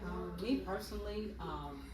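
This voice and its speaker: A woman sharing personally in a group discussion, speaking haltingly with many fillers. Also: medium pitch. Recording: loud crowd, echo, distant mic.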